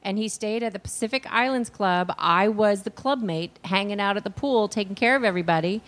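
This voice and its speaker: A woman co-hosting a radio show, chatty and quick to laugh. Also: medium pitch, a bit bright. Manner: chatty and giggly. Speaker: radio co-host. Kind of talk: casual radio chat.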